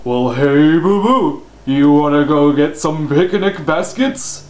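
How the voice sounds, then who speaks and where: A man putting on a lazy, good-natured male cartoon bear in a gruff, dropped throaty voice. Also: on the high side, slow pace, darkish tone, roomy sound. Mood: goofy.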